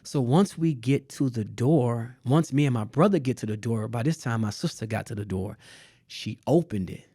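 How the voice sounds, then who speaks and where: A man's voice: mid-range voice, lively intonation, normal speed, dark tone, slightly rough, no echo, studio quality. A man telling a personal story in a casual conversation. He repeats phrases for emphasis and laughs now and then. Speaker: guest artist.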